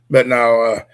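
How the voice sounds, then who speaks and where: A man's voice: medium pitch, clean tone. An older man co-hosting a casual podcast chat, talking in a loose, rambling drawl about his dogs and accents. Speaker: podcast co-host.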